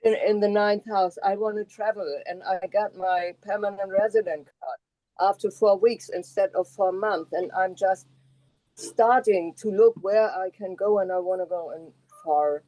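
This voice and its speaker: A woman joins a live show over a video call and chats casually. Her voice is mellow and her phrasing halting. The sound is dry and close, with no room echo. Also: medium pitch, fairly even intonation. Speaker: viewer calling in.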